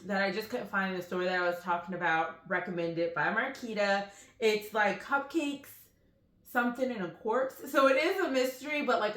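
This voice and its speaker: Woman, book vlogger, rambling chatty storyteller, bright voice, echoey room. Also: medium pitch. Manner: rambling, animated storytelling with frequent fillers. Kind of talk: casual chatty book haul vlog. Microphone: phone.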